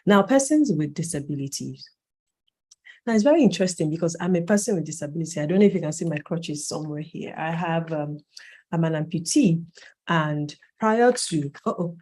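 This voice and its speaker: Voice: mid-range voice, darkish tone. A facilitator in their late thirties, lecturing a training cohort in a conversational way, stressing key points and correcting themselves mid-sentence. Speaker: workshop facilitator.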